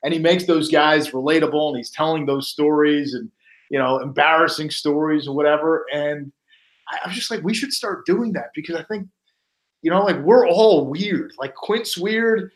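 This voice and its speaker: A man with a somewhat high voice tells casual stories on a podcast. He is a broadcaster guest and slips into quoted lines from his coworkers with animated energy. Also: moderate pace. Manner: animated anecdotes, acting out quoted colleagues. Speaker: guest sportscaster.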